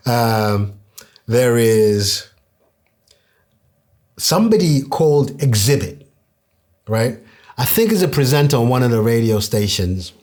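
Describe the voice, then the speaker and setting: A man's voice: mid-range voice, breathy edge. A young man hosting a podcast, talking in an earnest, conversational way and acting out what his friends said. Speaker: podcast host. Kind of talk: casual podcast monologue.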